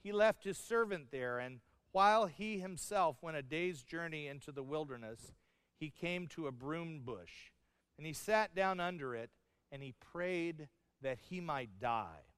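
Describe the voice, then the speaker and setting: Animated and a little slow, a middle-aged pastor preaches in a high, smooth, resonant voice with a fairly bright tone. He weaves humor into his stories and acts out the lines he quotes. Though his voice is dry and close on the mic, a long reverb hangs in the hall behind him.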